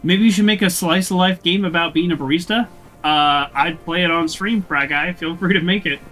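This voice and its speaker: A man's voice: a little high, moderate pace, bright, forceful tone, faint music behind, low-quality recording. A young man streaming a video game, chatting casually and joking with mock indignation. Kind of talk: casual gameplay commentary.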